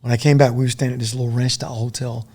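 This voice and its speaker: Fast, gravelly middle-aged man telling war stories. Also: medium pitch. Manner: profane, animated storytelling full of dude and man. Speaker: guest, former special forces soldier. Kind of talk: casual podcast storytelling.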